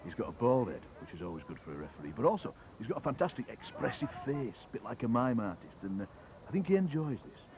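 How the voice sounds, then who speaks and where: A poet chatting in a lively, musing way about how he builds a poem. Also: mid-range voice, fast, crowd noise. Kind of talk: explaining how he writes a poem. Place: outdoors at a football match.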